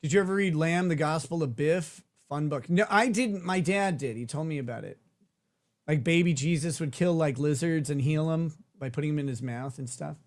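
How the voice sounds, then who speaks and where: A man hosts a live stream and chats loosely, with a joking, irreverent manner and casual swearing. His voice sits slightly high for a man. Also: moderate pace. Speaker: host. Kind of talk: casual livestream chat.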